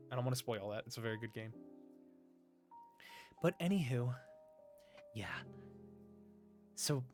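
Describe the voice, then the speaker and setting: A man on a live stream chats close to the mic in a soft, breathy, deliberately high "femboy" voice, giggling as he reads the chat aloud.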